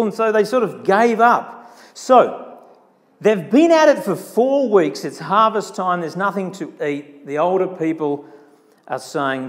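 A man preaches in a lively, animated way and keeps acting out the people he quotes. His voice sits high for a man, and his tone swings widely between loud and quiet. A long church reverb hangs after his words. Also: a little slow. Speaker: pastor. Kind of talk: sermon.

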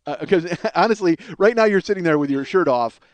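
Fast, animated ranting podcast man. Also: sits high, no room sound. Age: middle-aged. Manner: profane, ranting, self-mocking. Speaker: podcast host. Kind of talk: rambling comedic monologue.

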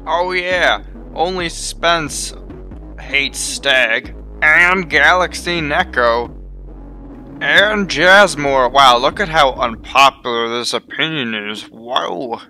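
A man's voice: on the high side, takes it slowly, bright, forceful tone. Sarcastic, foul-mouthed man ranting. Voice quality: sarcastic, profane, exaggerated. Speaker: video essayist. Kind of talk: sarcastic comedic commentary. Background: music.

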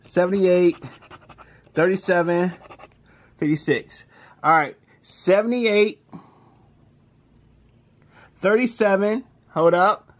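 A man, commenting casually as he scratches lottery tickets, reading numbers aloud in slang and breaking into excited shouts. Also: high voice, takes it slowly, long pauses.

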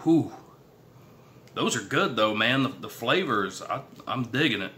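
A middle-aged Texan man with a Southern accent, a YouTube creator, chats casually to the camera in a folksy way and hypes himself up for an eating challenge vlog. His mid-range voice is expressive and unhurried with a sharp tone, and there's a little hiss or hum in the audio.

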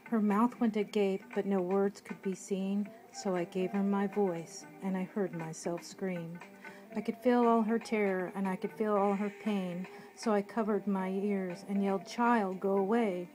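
A woman reading her own rhyming poem aloud in a measured, rhythmic way. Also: mid-range voice, poor audio. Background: soft background music.

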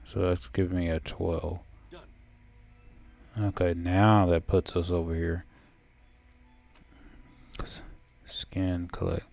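A man's voice: deep voice, little pitch movement, slow pace, vocal fry, long pauses, darkish tone, faint music behind. A man thinking aloud while playing a fantasy game, mumbling numbers and item names. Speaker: gameplay commentator. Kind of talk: casual let's-play commentary.

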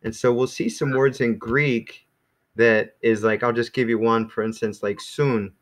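A man teaching an online language class in a relaxed, rambling way with many fillers, speaking over a video call. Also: medium pitch, a little slow. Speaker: Greek teacher.

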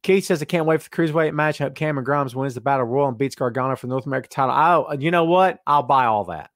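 Talking fast in a mid-range voice, a male podcast host reads viewer comments on a casual live stream and jokes straight into the chat with excitable energy. The recording is clean studio sound without room noise.

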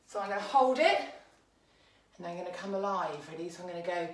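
Upbeat English dance teacher, echoey room. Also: female voice, on the low side, lively intonation, quick pace, distant mic, slight background noise. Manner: upbeat, counting beats and calling moves. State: out of breath. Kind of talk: children's dance lesson.

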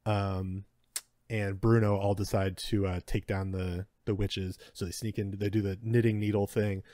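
Man, casual podcast chat, low pitch, laid-back, many fillers, dry. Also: moderate pace, no room sound. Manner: relaxed, filler-heavy, wry asides. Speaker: podcast co-host.

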